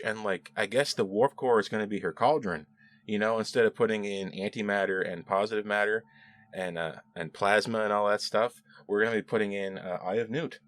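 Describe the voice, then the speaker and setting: A man's voice: on the low side, a bit bright. A man giving a casual solo review of a TV episode, chatty and sarcastic, now and then quoting dialogue in mocking voices.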